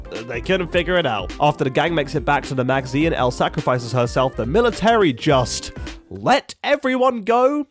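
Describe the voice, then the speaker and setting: A young man reviewing a TV finale in a sarcastic, swearing rant. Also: on the high side. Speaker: YouTube reviewer. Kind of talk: ranting TV review commentary.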